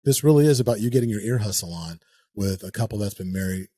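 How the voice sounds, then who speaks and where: A man in his forties, a podcast guest, talking in a relaxed, joking way with many pauses and fillers, with a husky voice. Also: on the low side. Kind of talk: conversational interview.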